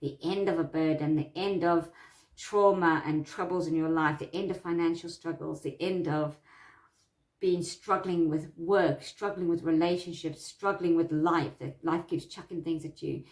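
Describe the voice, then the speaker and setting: Woman with a lower voice, teaching tarot at home in a casual, reassuring way; the room is echoey. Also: fairly even intonation, normal speed. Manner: warm, repetitive, reassuring, with frequent laughs. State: itchy eyes from allergies. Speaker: tarot teacher and psychic medium. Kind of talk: casual instructional talk.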